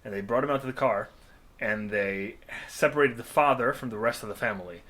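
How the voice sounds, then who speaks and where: A man's voice: mid-range voice, a little fast. A man hosting a podcast, telling stories at ease and asking curious questions. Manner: relaxed storyteller, curious questions. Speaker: podcast host. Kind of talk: casual podcast chat.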